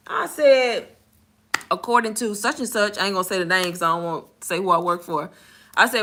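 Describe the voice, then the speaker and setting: Speaking fast in a sharp, medium-pitched voice, a woman shares an exasperated, frank story about her call center job. She plays out the conversations herself and talks with swearing and casual slang.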